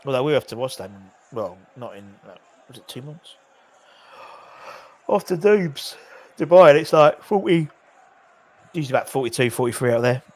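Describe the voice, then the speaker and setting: With a medium-pitched, darkish voice, a man hosts a live football watchalong at a moderate pace, animated but given to long pauses. He calls the action casually and jokes around with chat viewers.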